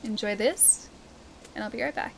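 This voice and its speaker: This woman's voice is medium-pitched and gravelly, moving at a moderate pace, with a little hiss or hum on the recording. An Australian livestreamer, she plays a game while chatting casually with viewers, laughing often and reading chat aloud.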